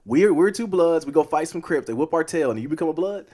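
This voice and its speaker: A man co-hosting a casual sports podcast who talks quickly and argues with a joking edge. His pitch is a touch high and moves a lot as he makes his case. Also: animated, warm tone. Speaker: podcast co-host.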